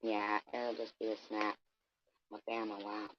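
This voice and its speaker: A man's voice: on the low side, completely flat delivery, moderate pace, heavy background noise. A man ranting in a scornful, profane, rambling way, as a vlogger talking casually to his viewers. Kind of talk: casual rant. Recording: dull, dry lo-fi recording.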